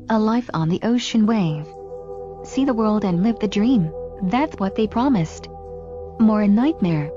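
Female story reader, slow and fairly high, music bed, lo-fi. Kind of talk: first-person story reading. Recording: dull recording with music behind.

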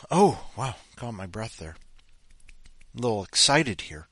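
A man's voice: lowish voice, a little slow, dry recording, clean studio sound. A man hosting a podcast, rambling casually with sighs and mocking voices. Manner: animated, sighing, mocking voices. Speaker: podcast host.

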